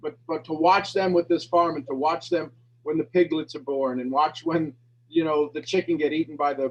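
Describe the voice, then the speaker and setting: A man's voice: on the high side, dull audio. A man hosting a morning call, talking in a rambling, emotional and affectionate way. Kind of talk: casual heartfelt chat.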